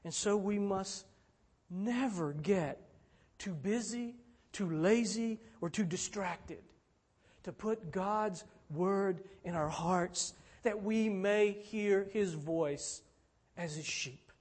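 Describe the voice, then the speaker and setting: A man delivers a sermon at an unhurried pace, returning to repeated refrains. His higher voice swells to emphatic peaks, then sinks low and soft at the ends of phrases. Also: breathy edge. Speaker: preacher.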